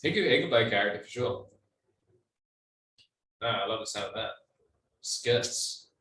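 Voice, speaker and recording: A man's voice: lowish voice, expressive, brisk, fairly bright tone. A man co-hosting a podcast over a Zoom call, talking in a laid-back, hesitant way with many ums. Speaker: podcast co-host. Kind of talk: casual comedic chat. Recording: echoey room, distant from mic, faint noise.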